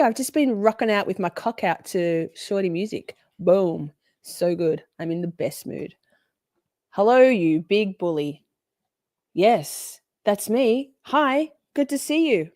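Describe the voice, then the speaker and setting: A woman's voice: medium pitch, moderate pace, warm tone, dry recording, studio quality. A woman hosting a live stream, chatting casually, greeting viewers by name with a bubbly, sweary manner. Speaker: livestream host.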